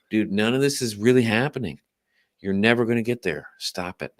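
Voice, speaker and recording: A man's voice: on the low side, brisk. A man co-hosting a casual late-night podcast, profane and emphatic, hammering the same point again and again. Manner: profane, emphatic, repeats his point over and over. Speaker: podcast co-host.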